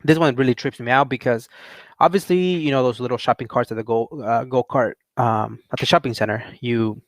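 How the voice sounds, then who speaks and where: A young man rambles through a personal story in a relaxed, unscripted way. He laughs often and gets animated when quoting other people. His voice sits at an ordinary middle pitch, recorded dry and close. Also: fairly quick, no room sound. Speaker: channel host. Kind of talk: casual storytelling rant.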